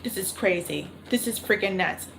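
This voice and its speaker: A woman's voice: medium pitch, moderate pace, gravelly, a bit bright, slight background noise, poor audio. A woman reading tarot cards on a livestream, thinking aloud and repeating her questions to spirit. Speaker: tarot reader. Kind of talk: live-streamed tarot reading.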